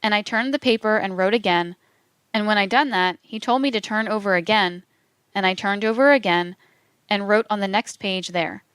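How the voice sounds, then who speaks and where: A woman narrating a true-crime account in a measured, even reading, voicing quote marks aloud. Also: medium pitch, clear, resonant tone, no room sound.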